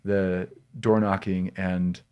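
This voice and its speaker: Podcast guest, man, very low voice, lively rambling storyteller. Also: slow pace, smooth. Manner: animated, rambling anecdotes with self-corrections. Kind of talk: casual storytelling interview.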